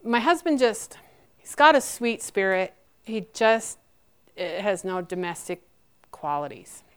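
Smooth-voiced woman answering audience questions. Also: medium pitch, sing-song. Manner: earnest, halting with restarts. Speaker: speaker sharing her near-death experience.

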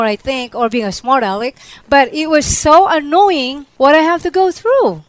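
A woman giving a personal testimony to an audience, acting out what she said and dropping to a soft hush for the tender parts. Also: sits high, a little fast, no room sound, rough recording. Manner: animated storytelling, acting out her own quoted lines; drops to a soft hush when describing the vision. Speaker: testimony speaker.

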